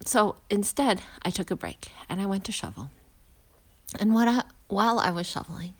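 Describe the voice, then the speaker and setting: This lowish-voiced woman, a parent who works in healing, talks through a casual lesson on foot as she heads outdoors to school. Pauses, restarts, and quiet asides mark her reflective delivery.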